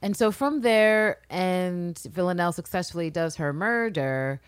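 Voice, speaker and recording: A woman co-hosting a casual recap podcast, profane and animated, acting out the characters' lines in high voices. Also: a little slow, smooth, no echo. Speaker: podcast co-host.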